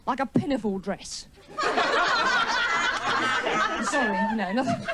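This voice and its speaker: Woman stand-up, chatty and self-mocking, teases the crowd, very lively pitch, hissy old broadcast. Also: slow pace. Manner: teasing crowd work. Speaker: stand-up comedian. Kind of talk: stand-up routine. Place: TV studio before a live audience.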